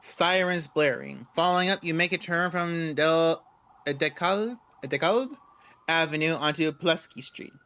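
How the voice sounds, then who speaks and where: A man reads game narration aloud in a casual, relaxed way, often tripping over words and starting them again. His voice is bright and sharp, and it sits a little high for a man. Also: moderate pace. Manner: stumbles and restarts words while reading. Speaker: gamer reading a visual novel aloud.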